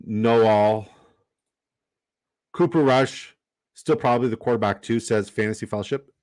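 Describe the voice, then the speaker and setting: A man's voice: medium pitch, a little fast, darkish tone. A man giving casual livestream commentary while drafting, reading the chat aloud and swearing casually. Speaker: fantasy football draft streamer.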